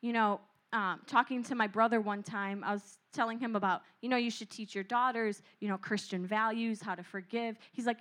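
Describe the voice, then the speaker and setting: A young woman preaching a lively youth sermon who acts out voices and asks the crowd questions. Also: fairly high pitch, moderate pace, few pauses.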